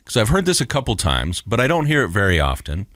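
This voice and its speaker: Man, low voice, thoughtful, explains calmly, dry sound. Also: quick pace, no room sound. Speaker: psychologist co-host. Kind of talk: casual podcast discussion.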